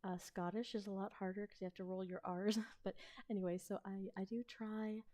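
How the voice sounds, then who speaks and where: A woman with a Midwestern American accent, chatting casually and hesitantly on a live stream, now and then slipping into soft whispers. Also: mid-range voice, little pitch movement, normal speed. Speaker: ASMR role-play streamer.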